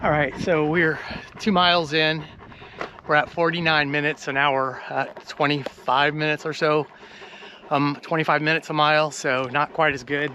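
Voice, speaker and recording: A man narrating a casual vlog while hiking a mountain trail outdoors, chatty and out of breath from the climb. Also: on the high side. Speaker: vlogger. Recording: noisy outdoor recording.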